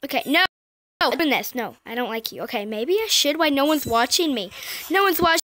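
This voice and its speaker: A woman's voice: high-pitched, lively intonation, fairly quick, fairly bright tone, no room sound. A woman YouTuber giving chatty, scattered, self-mocking commentary while playing a mobile game.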